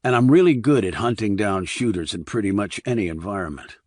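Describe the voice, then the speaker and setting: Brief: a man playing a blunt, confident military investigator, low and level, dry close mic. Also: lively intonation, fairly quick, a little mellow, dry recording. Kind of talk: audiobook character reading.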